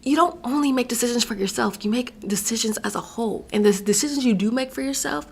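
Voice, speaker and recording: A woman's voice: on the high side, fast, creaky, husky. A young adult woman from Virginia hosting a solo podcast, delivering emphatic, sassy, opinionated commentary. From Virginia, USA. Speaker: podcast host.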